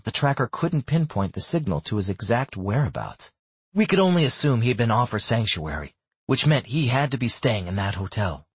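Husky male audiobook narrator, low and steady, dry dull sound. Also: dry recording. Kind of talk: first-person audiobook narration.

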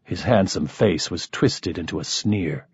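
A man narrating a first-person story in an expressive, lively manner. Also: low-pitched, a little slow, breathy edge, no echo, highs cut off. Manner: expressive, shifting voices for characters. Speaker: audiobook narrator.

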